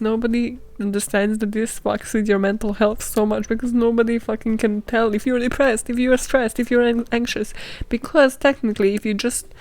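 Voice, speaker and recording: A woman's voice: fairly high pitch, a little mellow. A young woman hosting a podcast, ranting bluntly and casually with lots of swearing. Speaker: podcast host. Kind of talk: casual monologue outro.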